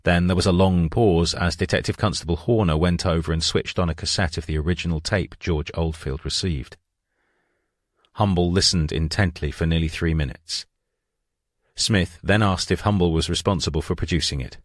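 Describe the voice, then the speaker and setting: A man narrating a true-crime audiobook in a measured, even reading. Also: low-pitched, no echo, studio quality.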